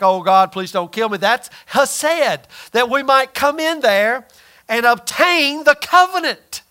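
A man's voice: extremely high pitch, bright, forceful tone. A man preaching a sermon in a conversational, emphatic way, often acting out quoted voices.

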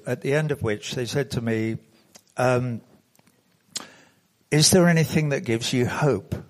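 A man's voice: mid-range voice, a little mellow. A man giving a conference speech into a podium microphone, telling a rambling anecdote and correcting himself as he goes. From England. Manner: rambling storytelling with self-corrections. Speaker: conference speaker. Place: conference hall.

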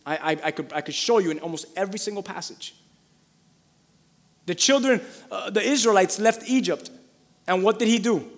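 A man preaching a sermon as pastor, fervent and repetitive, building up to shouting. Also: sits high, moderate pace, long pauses, big-room sound. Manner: fervent, repeats phrases for emphasis, builds to shouting.

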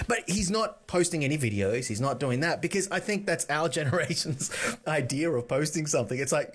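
Animated, sweary middle-aged man. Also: a little high, brisk. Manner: animated, sweary, self-mocking. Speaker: podcast co-host. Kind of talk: casual podcast chat.

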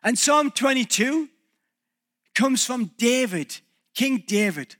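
Male pastor, high bright voice, reflective sermon, halting restarts. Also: animated.

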